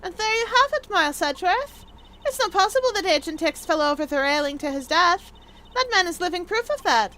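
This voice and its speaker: A woman's voice: very high-pitched, expressive, a little fast, bright, forceful tone, voice pushed up, full character voice. A woman voicing an arrogant young female prosecutor who snaps back with scornful, imperious retorts. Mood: scornful, indignant. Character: haughty, whip-cracking young female prosecutor.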